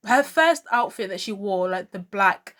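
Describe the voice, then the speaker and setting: A woman's voice: mid-range voice, lively intonation, a little slow, a bit bright. A woman talking casually to camera as a pop culture vlogger, chatty and opinionated, full of fillers and gushing exclamations. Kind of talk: casual fashion commentary.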